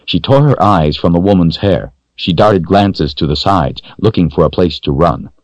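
A man narrating a children's story in a steady, measured storytelling voice. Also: sits low, no echo. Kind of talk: audiobook narration. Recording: dull dry lo-fi recording.

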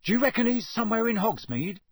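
A man voicing an eager, hopeful teenage boy in an audiobook, quick and keen. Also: very high voice, animated, no echo, clean studio sound, pitched above the performer's own voice. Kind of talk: audiobook character voice.

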